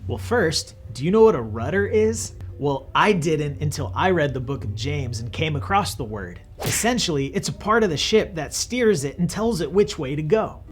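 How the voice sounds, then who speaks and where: A young man teaching children in a friendly, patient way. His voice sits a little high for a man, and a light bed of music plays under his words. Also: animated, moderate pace, few pauses. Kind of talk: scripted Bible lesson for kids.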